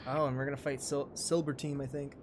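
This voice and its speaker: A man streaming a flight game live, joking, greeting viewers and reacting excitedly as he plays. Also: mid-range voice, fast, noisy background. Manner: joking, excitable, talks to chat. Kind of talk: casual live game commentary. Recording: game music playing behind.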